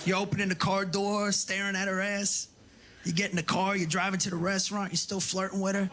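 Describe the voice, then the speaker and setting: A man's voice: high-pitched, level tone, fairly quick. A middle-aged man doing a brash, profane stand-up routine on a club stage, acting out voices as he tells the story. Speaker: stand-up comedian. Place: comedy club stage with laughing audience. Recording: live club recording with audience noise.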